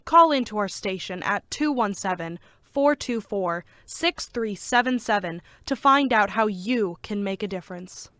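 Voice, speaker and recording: A woman's voice: mid-range voice, expressive, a little slow, few pauses, fairly bright tone, dry recording. Young woman doing a fake serious psa, dry close sound. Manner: earnest, mock-serious. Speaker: announcer. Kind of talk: mock public-service announcement.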